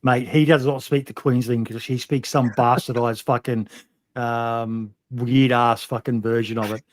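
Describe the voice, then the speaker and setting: A man's voice: medium pitch, flat delivery, unhurried, dry recording, studio quality. A man hosting a podcast interview, talking bluntly with plenty of swearing and many "um"s. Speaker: podcast host. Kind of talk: casual interview chat.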